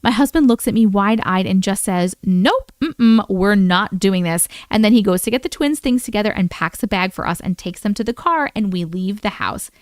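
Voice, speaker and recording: A young adult woman hosting a live stream, reading viewer stories aloud in an expressive way and acting out the quoted voices. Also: mid-range voice, a little fast, few pauses, no echo, clean studio sound.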